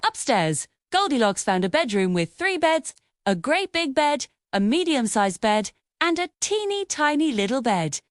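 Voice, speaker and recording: A woman reading a bedtime story aloud in a gentle, expressive way. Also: sits high, a little slow, no room sound, clean studio sound.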